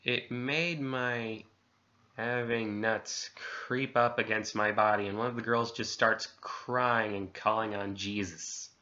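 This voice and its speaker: A man reads a creepy first-person horror tale in a casual, chatty manner, bleeping his own swears with single letters. His voice sits low but comes across bright and forceful. The recording is dull and lo-fi, like a cheap home mic. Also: steady tone, slow. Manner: conversational, self-censoring swears with letters. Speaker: narrator reading a horror story. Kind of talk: casual story reading.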